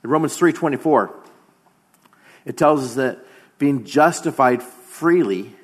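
A man in his thirties preaching a sermon as pastor, earnest, often slowing down and dropping to a quiet voice for emphasis. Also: mid-range voice, lively intonation, husky. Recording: long hall reverb.

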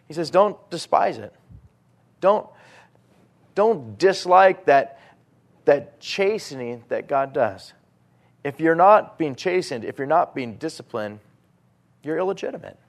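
A man preaching a sermon, animated, moving between loud emphatic lines and quiet asides. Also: medium pitch, gravelly.

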